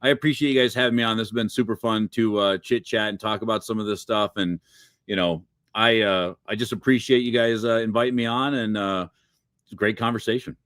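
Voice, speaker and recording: A man's voice: lowish voice, fairly even intonation, a little fast, fairly bright tone, no echo, studio quality. A man who is a guest on a podcast, talking in a friendly, motivational way. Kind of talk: casual interview talk.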